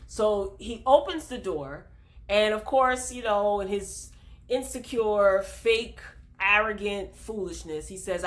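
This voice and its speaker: A woman's voice: medium pitch, takes it slowly. A woman host talking straight to her viewers in a casual TV episode recap, retelling scenes with plenty of fillers. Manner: addresses viewers directly.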